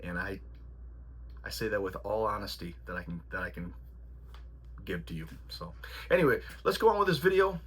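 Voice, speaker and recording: Brief: male boxing coach, forceful husky voice, rambling casual delivery with fillers and swearing. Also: lowish voice, expressive, moderate pace, pauses often. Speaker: boxing trainer. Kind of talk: casual instructional storytelling.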